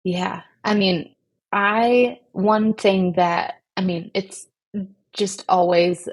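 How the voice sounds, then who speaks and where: A woman's voice: medium pitch, steady tone, extremely slow. A woman appearing as a guest on a podcast, chatting casually and adding short words of agreement. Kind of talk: casual conversational interview.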